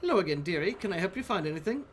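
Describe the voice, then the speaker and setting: A man's voice: high voice, big pitch swings, very fast, slight background noise, pitched above the performer's own voice. A man voicing a prim, flustered woman librarian in a video game, sweet and evasive, calling people dearie. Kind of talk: reading game dialogue aloud.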